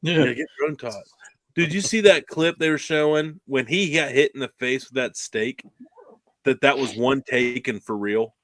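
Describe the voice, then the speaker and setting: A man's voice: medium pitch, moderate pace, a bit bright, no echo. Chatty rambling man hosting a podcast. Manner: rambling storyteller, lots of "like" and restarts. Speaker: podcast host. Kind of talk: casual chat.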